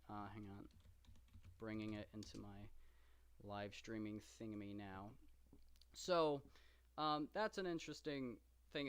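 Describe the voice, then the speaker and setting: A podcast host with a medium-pitched, fairly bright, clean voice reads and discusses the Iliad on a live stream. He talks casually and enthusiastically about the ancient epic, rambling with lots of fillers and asides.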